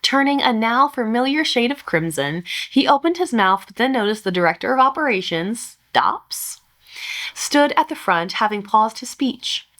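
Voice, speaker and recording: Brief: woman, podcast host, expressive story reading with dry humor. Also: on the high side, moderate pace. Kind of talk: reading a revenge story aloud.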